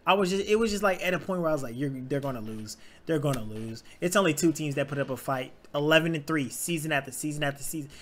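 Racing along with hardly any pauses, a young man with a highish voice rants about sports in his reaction video. The casual rant is animated and full of profanity, stammered restarts, and repeated phrases.

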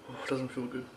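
A man reviewing a drink in a casual vlog, blunt and swearing, groaning and sighing, out of breath. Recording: echoey room, faint background noise.

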